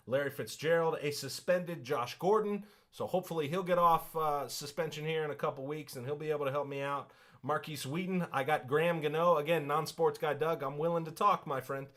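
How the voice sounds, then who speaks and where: A man co-hosting a casual sports podcast, his voice sitting a little higher than most men's. He tells stories with playful, over-the-top flourishes. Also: fairly bright tone. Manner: playful, exaggerated storytelling. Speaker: podcast co-host.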